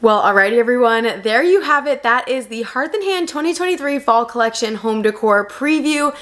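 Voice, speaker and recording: A woman's voice: on the high side, lively intonation, normal speed, a bit bright, a little hiss or hum. Young adult woman, upbeat vlogger, raves over every piece in a chatty voice-over. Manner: gushing, enthusiastic. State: new mother. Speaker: home decor vlogger. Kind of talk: voice-over product review.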